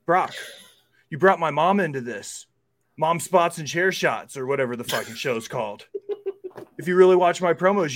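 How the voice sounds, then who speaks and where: A man doing a mocking impression of a serious wrestler cutting a promo, earnest and flat on purpose. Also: a little high, heavily acted. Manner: mock-earnest, flat, self-parodying delivery.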